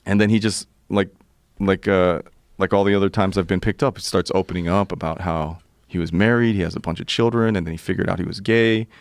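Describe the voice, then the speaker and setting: A man's voice: low-pitched, a little fast, no echo. A man, a podcast guest, telling a story in a casual, profane way and acting out the quotes. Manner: profane, animated retelling with acted quotes. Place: podcast studio.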